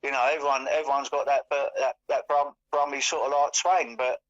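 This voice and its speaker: A man's voice: mid-range voice, flat delivery, fairly quick. A man chatting casually as co-host, rambling with lots of fillers and restarts. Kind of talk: casual chat. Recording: dull lo-fi audio.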